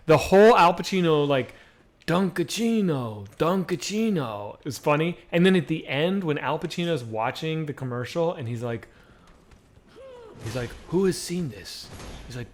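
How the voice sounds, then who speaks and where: Male streamer, a touch higher-pitched, loose profane banter with chat while he plays. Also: slight background noise. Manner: rambling, profane, chatty with viewers. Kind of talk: casual live-stream chat while gaming.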